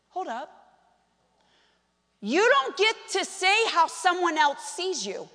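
A woman pastor delivering a sermon in an animated, conversational way, with bursts of emphasis. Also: very high-pitched, slow pace, long pauses. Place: church sanctuary. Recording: long reverb of a large hall.

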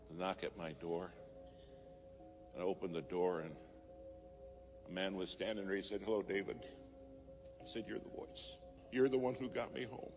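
A man preaching a sermon, telling a story and rising to fervent emphasis. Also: on the low side. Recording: music playing behind.

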